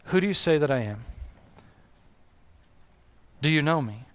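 A man's voice: a little high, animated, unhurried. A man preaching a sermon in an earnest style, with rising and falling delivery and repeated questions to the congregation. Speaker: pastor.

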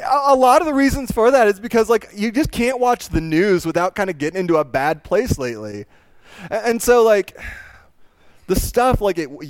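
Man, young adult, storytelling talk, smooth clear voice, fairly high pitch, dry close sound. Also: no echo. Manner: animated, self-deprecating storytelling with many fillers. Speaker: speaker telling a personal story.

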